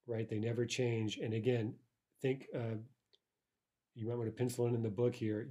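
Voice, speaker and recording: A man's voice: mid-range voice, warm tone. A man teaching a recorded language lesson, patiently explaining and drilling phrases, checking in with "right?".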